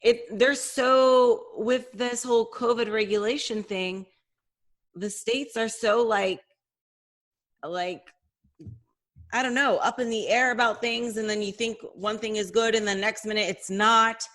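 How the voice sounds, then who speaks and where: A woman co-hosting a fitness podcast, talking in sympathetic, halting casual chat. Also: on the high side, fairly even intonation, fairly bright tone. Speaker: podcast co-host.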